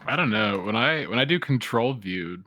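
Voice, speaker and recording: A man's voice: medium pitch, animated, normal speed, pushed and bright, no echo, clean studio sound. A man running an online tabletop game as game master, explaining rules patiently with lots of filler words.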